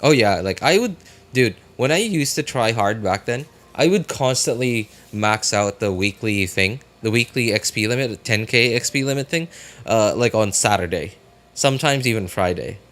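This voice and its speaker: A man's voice: on the low side, expressive, normal speed, fairly bright tone. A young man chatting casually with viewers while streaming a game, rambling with lots of fillers. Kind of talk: casual live-stream chat.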